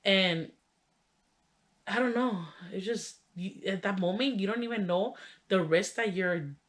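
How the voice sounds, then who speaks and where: A young woman tells a childhood story to her vlog camera in a loose, chatty way. Her voice sits at an ordinary middle pitch. She leans heavily on fillers like "like" and "you know" as she goes. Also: measured pace. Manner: laughs while telling the story. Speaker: vlogger. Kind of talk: casual storytelling.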